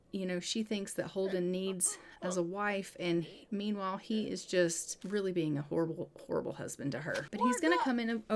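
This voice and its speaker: A woman telling the story of her gameplay in a chatty, casual way, with many fillers. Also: mid-range voice. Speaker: gameplay video creator.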